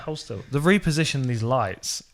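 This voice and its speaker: A man's voice: mid-range voice, lively intonation, normal speed, a little hiss or hum. A man hosting a podcast in a studio room, bantering and teasing his co-host in easygoing talk at a table mic. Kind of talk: casual chat. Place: studio room under bright lights.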